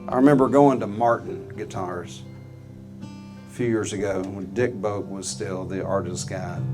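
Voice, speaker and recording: A middle-aged man telling an earnest, folksy story to a live audience in a guitar showroom, halting often with fillers. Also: low voice.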